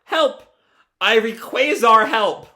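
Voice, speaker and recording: A man voicing an excitable male genius scientist while reading a comic aloud. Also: unhurried, heavily acted. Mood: frantic. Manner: shouting for help in a high panicked voice.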